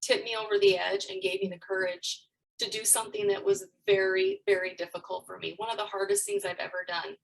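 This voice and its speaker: A woman's voice: mid-range voice, lively intonation, brisk, vocal fry, recorded from a distance, poor audio. A woman life coach, a podcast guest, sharing her story openly and with emotion. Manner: open and emotional. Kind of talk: candid personal storytelling.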